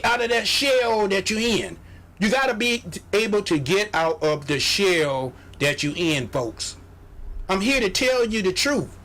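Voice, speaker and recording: A man's voice: very high voice, a bit bright. A man hosting a radio show, giving a motivational sales pep talk, exhorting his listeners, repeating phrases and mimicking doubters.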